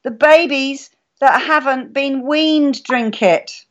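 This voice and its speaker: A woman's voice: high voice, slow pace, muffled recording. A woman chatting casually on a live stream, telling stories and acting out her own reactions. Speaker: guest speaker.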